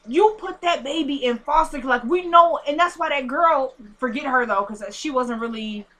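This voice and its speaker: A woman casually recapping a TV episode, retelling scenes in an animated, indignant way. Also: high voice, normal speed. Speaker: TV show recapper.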